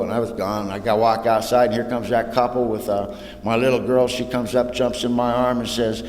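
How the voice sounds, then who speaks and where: At a podium in a hall with an audience, a Southern California man gives personal testimony at a recovery meeting, brisk and level in tone. He tells it with humor and casual southern-tinged slang like "ain't" and "y'all," dropping soft and low for the painful parts. The echoey hall carries faint room noise.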